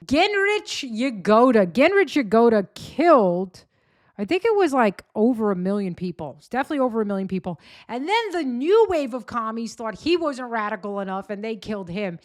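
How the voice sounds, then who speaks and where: A woman's voice: fairly high pitch, big pitch swings, moderate pace, no room sound, studio quality. A woman hosting a commentary show, talking in a sarcastic, rambling, mocking way. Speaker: podcast host. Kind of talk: casual commentary.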